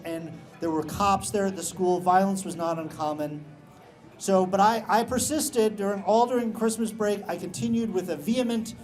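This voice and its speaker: A man's voice: sits high, darkish tone, low-quality recording. A middle-aged man telling a personal story on stage, with a wry, self-deprecating sense of humor. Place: live show at a beach-bar venue.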